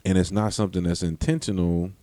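Talking fast in a low, mellow voice with fairly even intonation, a solo podcast host rambles on, abandoning sentences partway and laughing and cursing as he goes. The recording is dry.

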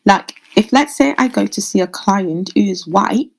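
Earnest woman midwife, halting and thoughtful. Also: medium pitch, lively intonation, vocal fry, poor audio. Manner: earnest, searching for words, many fillers. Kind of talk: interview answers, casual conversation.

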